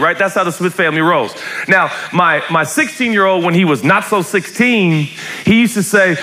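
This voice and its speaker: A man preaching a lively sermon in a church, joking, shouting and acting out voices as he talks. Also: high-pitched, normal speed. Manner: animated, joking, shouts and acts out quotes. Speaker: pastor. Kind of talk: lively sermon to a live congregation. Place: church hall.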